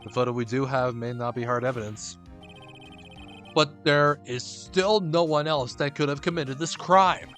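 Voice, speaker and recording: A man's voice: medium pitch, fairly bright tone, soft background music, close to an everyday voice. A man doing a haughty cold prosecutor. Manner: measured, haughty. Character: cold, confident male prosecutor.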